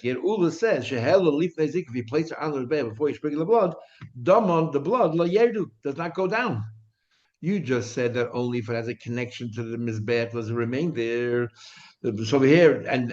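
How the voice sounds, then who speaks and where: A man's voice: mid-range voice, darkish tone, muffled recording. A male rabbi giving a daily Talmud lesson, explaining step by step and asking and answering his own questions.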